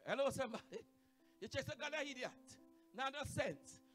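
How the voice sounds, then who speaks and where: A Jamaican man preaching in church with a very high, ringing voice. He drops into low, quiet asides, then builds to shouted, half-sung peaks and calls on the congregation to answer. Soft instrumental music plays faintly behind him. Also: lively intonation, normal speed. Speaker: guest evangelist preacher. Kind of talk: Pentecostal sermon. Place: church sanctuary.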